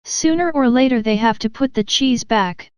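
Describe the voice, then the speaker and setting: A woman's voice: a little high, moderate pace, clean tone, dry recording, studio quality, close to an everyday voice. A woman voicing a stubborn, fearful little man who clings to his routine and insists on waiting.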